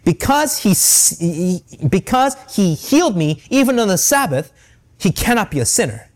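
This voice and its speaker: Male Bible teacher, slightly high voice, lively and animated, reads scripture and checks in with "right?". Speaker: preacher.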